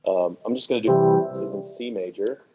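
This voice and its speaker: A man leading a clinic for music teachers, talking in a quick, chatty, joking way with lots of fillers and restarts. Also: lowish voice, low-quality recording. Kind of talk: casual clinic presentation. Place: room with attendees present, also on video call.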